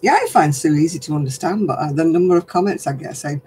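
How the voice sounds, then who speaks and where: An older woman from northern England with a softened regional accent, hosting a casual craft live stream, chatting with viewers and chuckling often. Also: low voice, fast talker, slight background noise, low-quality recording. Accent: softened northern English. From Oldham, England. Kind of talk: casual chat answering viewer comments.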